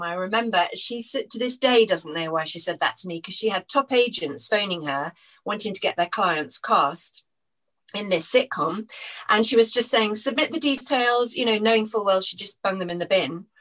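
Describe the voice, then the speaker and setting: An actress telling a story from her career, animated, acting out the people she quotes and laughing often. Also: mid-range voice, normal speed, poor audio. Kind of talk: anecdotal interview storytelling.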